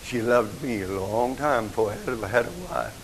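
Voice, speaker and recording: An older man, preaching an emotional sermon that moves from soft, hushed passages to rising outcries. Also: fairly low pitch, fairly quick, vocal fry, a little hiss or hum, low-quality recording.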